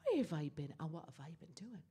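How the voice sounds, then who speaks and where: A woman's voice: low voice, big pitch swings, fast, mellow, voice pushed down. A woman voicing a frightened young woman in a folk tale, stammering and flustered. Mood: indignant.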